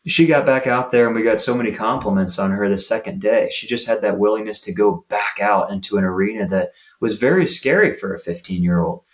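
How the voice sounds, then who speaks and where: A man's voice: on the low side, fairly quick, few pauses. A man, a youth soccer coach, speaking as a podcast guest and acting out what coaches and players say. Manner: animated storytelling, acts out coach and player lines. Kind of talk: podcast interview.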